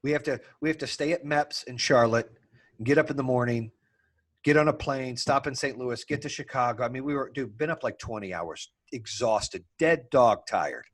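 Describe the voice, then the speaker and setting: A man hosting a podcast, telling a story in a casual, animated way, swearing freely and laughing as he talks. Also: medium pitch, normal speed. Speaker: podcast host.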